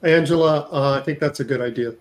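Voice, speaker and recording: A man's voice: a little high, fairly quick. A middle-aged man co-hosting a casual chat, reading out viewer comments and going along easily with the others. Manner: laid-back, agreeable, laughs easily.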